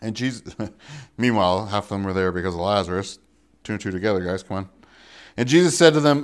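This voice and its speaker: Man preaching a relaxed, jokey sermon. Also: a little fast, pauses often, clean tone. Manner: conversational, jokey asides, rhetorical questions; swings between loud emphasis and quiet lows. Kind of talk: casual sermon.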